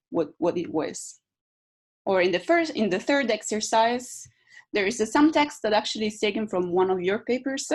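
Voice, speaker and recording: A woman teaching presentation skills in an online tutorial, with hesitant fillers and demonstrative emphasis. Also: mid-range voice. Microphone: video call.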